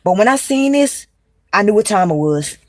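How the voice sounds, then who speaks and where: A woman's voice: mid-range voice, expressive, normal speed, no room sound. A young woman chatting on a livestream, rambling and emphatic, with plenty of slang and swearing, confiding straight to her viewers. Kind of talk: casual livestream chat.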